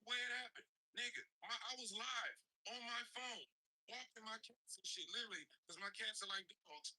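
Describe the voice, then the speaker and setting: A man's voice: high-pitched, moderate pace, pushed and bright, rough recording. A man in his forties talking straight to camera in a blunt, profane, slangy way. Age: 40s. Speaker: social media creator. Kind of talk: casual direct-to-camera monologue.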